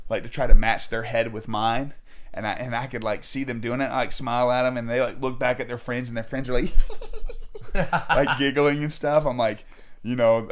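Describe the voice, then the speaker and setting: Rambling man telling a story. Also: mid-range voice. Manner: rambling, heavy with filler words. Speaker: guest. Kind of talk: casual storytelling.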